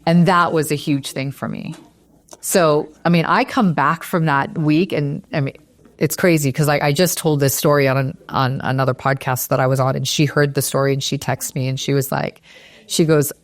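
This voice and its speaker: A woman's voice: low voice, moderate pace. A middle-aged woman, a real estate broker, earnestly telling a personal story in an interview and growing teary as she goes. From Las Vegas area. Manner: earnest, animated, retells dialogue. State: teary, near crying.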